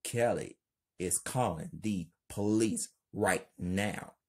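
A man's voice: low-pitched, darkish tone. A man narrating a homemade thriller story as channel host, hyped and repetitive. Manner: hyped, repetitive, drawn-out delivery.

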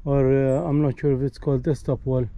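A Maltese man from Malta vlogs his outdoor hike in a chatty, casual way, often tacking "eh?" onto his phrases as he grows tired and breathless. His voice is medium-pitched, level and dark in tone, and a little fast. The recording has a slight hiss or hum.

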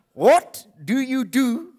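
A South African man voicing a scornful middle-aged male high school teacher who scolds the audience sarcastically, as if they were his class. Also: full character voice. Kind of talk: stand-up ventriloquism.

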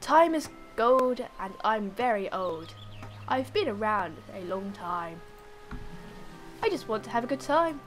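A woman's voice: fairly high pitch, sing-song, a little slow, faint music behind. A woman voicing an old, mysterious man who challenges a child to a board game, solemn and riddling.

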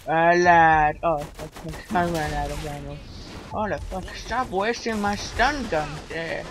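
A man commenting on his own gameplay, excitable, swearing a lot and yelling at the game with jokes. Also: a little high, measured pace, background noise. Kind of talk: playing a game and reacting.

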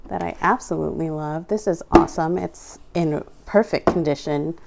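A woman's voice: on the low side, normal speed, vocal fry, few pauses, noisy background. A young adult woman casually narrating an unboxing at home, reading out prices item by item with chatty asides. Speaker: vlogger unboxing a craft store grab bag.

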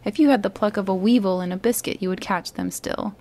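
A woman voicing a blind, furious old male pirate beggar who shouts commands and curses his crew. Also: mid-range voice, fast, lightly acted. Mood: enraged.

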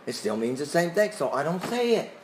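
A man teaching a Bible class in a fairly high voice. He talks conversationally, puts questions to the class and chuckles as he goes, with a faint hiss behind him. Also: very animated, fairly quick.

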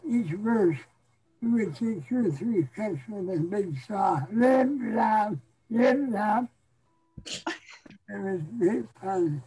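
A man casually telling an old camp prank story over a video call, unhurried and relishing it. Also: high-pitched, mellow, slight background noise, rough recording.

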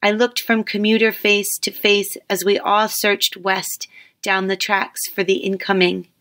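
A woman reads her own first-person story aloud, wry and ready to poke fun at herself. Her voice is bright and forward. She keeps an even, storytelling pace. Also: mid-range voice, unhurried. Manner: wry, self-deprecating storytelling.

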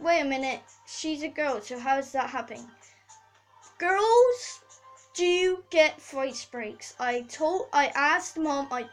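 Girl, high voice, slow and rambly, keeps saying sorry, chatting from her bedroom. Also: fairly bright tone, rough recording. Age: preteen girl. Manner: rambling, apologetic, full of fillers. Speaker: channel host. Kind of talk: casual video update. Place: bedroom at home.

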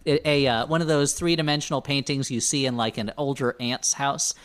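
A man's voice: medium pitch, fairly even intonation, fairly quick, a bit bright. Rambling jokey man from New Jersey. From New Jersey, USA. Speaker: podcast co-host. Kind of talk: casual comedic chat.

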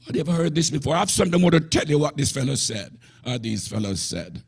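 Breathy preacher guy, slow and emphatic, voice sits kinda high. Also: big pitch swings. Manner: emphatic, rising to shouts with bursts of laughter. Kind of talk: sermon.

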